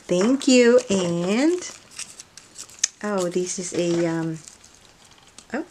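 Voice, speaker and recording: A woman chatting casually while unboxing mail, gushing and exclaiming over each item and often dropping to a soft near-whisper, indoors at night. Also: mid-range voice, very animated, extremely slow, background noise. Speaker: craft vlogger unboxing mail.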